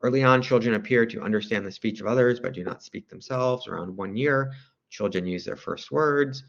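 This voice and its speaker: A man's voice: mid-range voice, a little fast, vocal fry, fairly bright tone. A man giving a casual recorded lecture on child development, with frequent fillers and asides. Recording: dull lo-fi recording.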